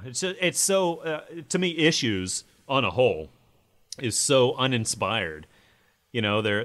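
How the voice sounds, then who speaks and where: A man's voice: lowish voice, fairly bright tone. A man co-hosting a podcast, giving opinionated takes with lots of "you know" and acted-out asides. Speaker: podcast co-host. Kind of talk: casual music review chat.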